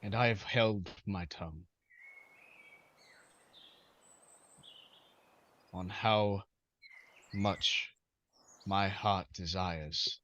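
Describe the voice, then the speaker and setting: A man's voice: deep voice, fairly bright tone, muffled recording, slight background noise. Man playing a solemn heartfelt wedding objector. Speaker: player. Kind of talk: in-character speech at a tabletop game.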